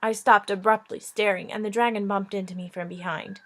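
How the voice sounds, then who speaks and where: A woman's voice: mid-range voice, steady tone, brisk, a bit bright. Woman teacher, informal read-aloud of a kids' novel, chatty asides. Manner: informal, joking, breaks off to chat. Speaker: teacher reading a book aloud.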